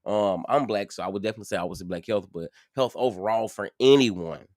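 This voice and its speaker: A man's voice: on the low side, fast talker, a little mellow, no echo, clean studio sound. A man talking casually and earnestly to his viewers from home, addressing them directly as he shares his story. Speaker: vlogger sharing his story.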